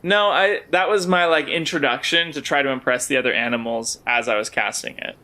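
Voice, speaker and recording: A man's voice: mid-range voice, a little fast, sharp tone. A man playing a tabletop game, eager and playful as he explains his moves. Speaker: player.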